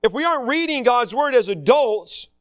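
Lively, animated middle-aged man preaching. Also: extremely high pitch, moderate pace. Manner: conversational and self-deprecating with humor. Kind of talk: sermon.

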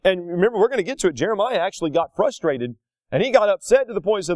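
A man's voice: high-pitched, expressive, racing, a little mellow, no echo, studio quality. A man preaching a sermon as a pastor, in a folksy storytelling way with acted asides.

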